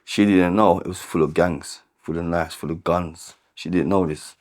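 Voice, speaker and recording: Low-voiced London man telling his story. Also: steady tone. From London, England. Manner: halting, repeats words and restarts, many filler "like"s. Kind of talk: candid personal storytelling.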